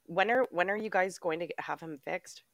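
A woman co-hosting a casual podcast, her voice husky from a cold, playful and quick to laugh. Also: on the low side, a bit bright, no echo, lo-fi sound. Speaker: podcast co-host. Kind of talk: casual chat.

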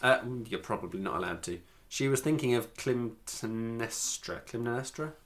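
An English man co-hosting a casual podcast chat, rambling and quick to laugh. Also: mid-range voice, fairly bright tone. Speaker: podcast co-host.

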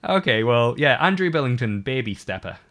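A man's voice: medium pitch, sing-song, a little fast, fairly bright tone. A man hosting a podcast, playful and teasing, with lots of fillers and frequent laughter. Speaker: podcast host. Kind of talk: casual podcast chat.

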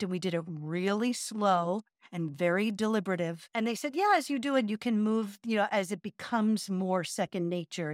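Middle-aged woman yoga teacher chatting on a podcast, earnest, laughs at herself, mid pitch, dead dry sound. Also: dry recording. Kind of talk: casual chat.

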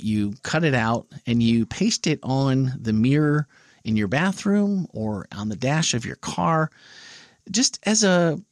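Lively, jokey male church podcast host. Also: fairly high pitch, no room sound, clean studio sound. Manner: animated, jokey, laughs at his own jokes. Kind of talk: casual podcast chat.

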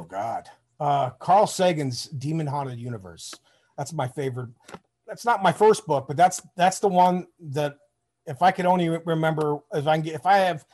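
A man's voice: a little high, a little mellow. A middle-aged man from Michigan, a former soldier, telling rambling, profane stories in a casual interview. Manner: rambling, profane, acts out quoted voices. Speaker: guest, Army veteran.

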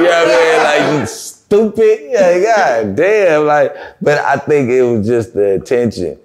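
A man's voice: on the high side, expressive, unhurried, hardly any pauses, a crowd in the background. Profane, laughing male storyteller. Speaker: guest. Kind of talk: casual storytelling interview.

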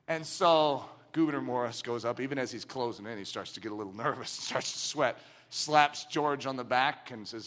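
A middle-aged man preaching a sermon with passion, moving from quiet, close talk to shouting. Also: a little high, lively intonation, brisk. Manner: impassioned, swings from quiet intimacy to shouting.

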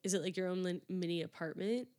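A woman's voice: fairly low pitch, quick pace, a little mellow. A young woman hosting a solo podcast, chatting casually and rambling with lots of fillers and restarts. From United States. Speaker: podcast host.

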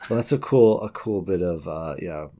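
A man's voice: deep voice, expressive, normal speed, dark tone. A man co-hosting a casual podcast chat, rambling with restarts and frequent laughs. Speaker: podcast co-host.

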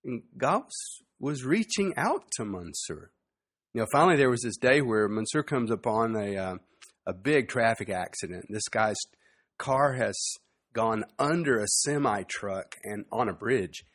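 Man preaching in a relaxed storytelling way. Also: medium pitch. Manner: relaxed, with frequent "you know" asides. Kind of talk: conversational sermon storytelling.

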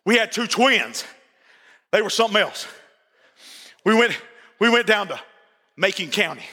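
A middle-aged man preaches with a very high, bright and forceful voice, driving his points home over and over and sometimes shouting. His words ring out with a long reverb, as if from a large church hall. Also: big pitch swings, unhurried. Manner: emphatic and repetitive, sometimes shouting. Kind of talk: sermon.

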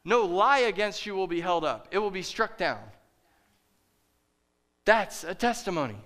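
Bright-voiced, passionate male pastor preaching. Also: sits high, expressive, a little slow. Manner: passionate, preaching with rising intensity. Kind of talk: sermon.

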